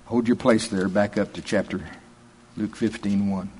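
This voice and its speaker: A man's voice: fairly low pitch, steady tone, normal speed, darkish tone, a little hiss or hum. A man preaching a sermon in a folksy, emphatic, conversational way, reading scripture aloud and then explaining it.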